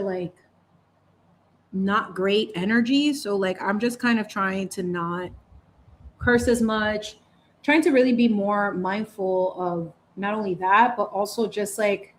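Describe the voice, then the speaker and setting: A woman's voice: mid-range voice, a little slow, slight background noise. A woman hosting a casual paint-along chat, talking in a chatty, playful way with lots of slang. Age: adult parent. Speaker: channel host.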